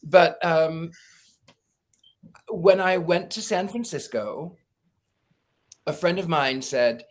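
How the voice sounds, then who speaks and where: A middle-aged man talks as a guest in a relaxed interview, his voice placed a touch higher than most men's. He tells his stories with a lot of animation, acts out the people in them and laughs often as he goes. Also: takes it slowly. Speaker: psychic guest. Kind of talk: casual storytelling interview.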